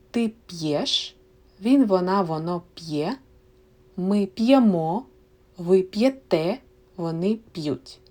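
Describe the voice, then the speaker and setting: Slow, mellow-voiced woman teaching. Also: fairly low pitch. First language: Ukrainian. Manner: patient, repeats words slowly for learners. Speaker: language teacher. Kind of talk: slow, clear explanatory lesson.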